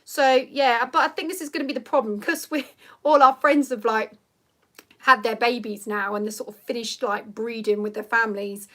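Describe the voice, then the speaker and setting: Chatty bright-voiced woman. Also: fairly high pitch, steady tone, normal speed. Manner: chatty, rambling, lots of ums and likes. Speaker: livestream host. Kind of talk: casual live chat reading comments. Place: home.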